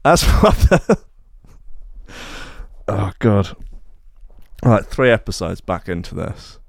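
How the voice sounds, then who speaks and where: Sardonic podcast host, lively pitch. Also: male voice, takes it slowly, creaky, dry recording, studio quality. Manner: rambling, sardonic, with frequent restarts and asides. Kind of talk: casual comedic podcast monologue.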